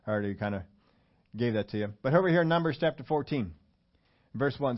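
A man's voice: medium pitch, animated, fast talker, pauses often, dull audio. A man preaching a sermon in a conversational way, asking the congregation questions as he goes. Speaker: pastor.

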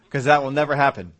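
A man's voice: mid-range voice, a bit bright. A man voicing a hard, cold middle-aged army-trained nurse who speaks curtly and dismissively, in a story told during a sermon. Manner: curt, dismissive.

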